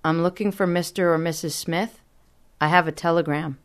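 A woman's voice: lowish voice, fairly even intonation, moderate pace, lightly acted. A woman voicing an awkward young male telegram messenger in a storybook reading, speaking hesitantly and apologetically. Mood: apologetic.

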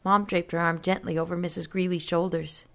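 A woman reading a story aloud as narrator in a steady, measured way. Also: fairly low pitch, vocal fry. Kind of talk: audiobook narration.

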